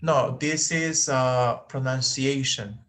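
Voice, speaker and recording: Slow, patient man teaching English. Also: mid-range voice, a bit bright. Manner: patient, repeats words slowly for students. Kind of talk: online class instruction.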